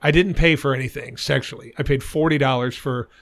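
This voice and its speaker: Give me a middle-aged man with a gravelly edge telling crude stories in casual chat. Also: medium pitch, a little fast. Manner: crude, animated anecdote-telling with frequent swearing. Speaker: podcast co-host.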